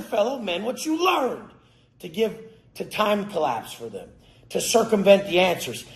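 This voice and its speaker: A man giving a profane, aggressive motivational rant, cursing and yelling at his listeners. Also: high-pitched, very animated, a little slow, creaky. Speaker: motivational speaker. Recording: roomy echo.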